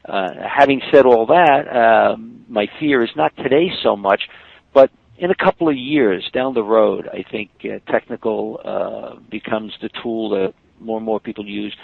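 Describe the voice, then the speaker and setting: A man's voice: fairly low pitch, moderate pace, vocal fry, husky, dry recording. An older man, a market technician telling stories in a podcast interview, emphatic and full of fillers. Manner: storytelling, emphatic, many fillers. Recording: dry, tinny phone-like line.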